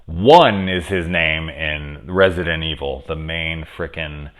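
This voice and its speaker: Deep-voiced man rambling through a review. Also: slow pace. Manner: rambling, profane, acts out characters' lines. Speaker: horror TV reviewer. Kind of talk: casual spoken episode review. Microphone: camera mic very close.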